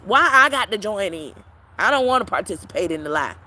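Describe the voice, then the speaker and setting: A woman's voice: mid-range voice, very animated, a little fast, poor audio. A woman tarot reader talking bluntly and profanely to her followers in a live-stream chat. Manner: brash, profane, preachy, with sudden loud peaks.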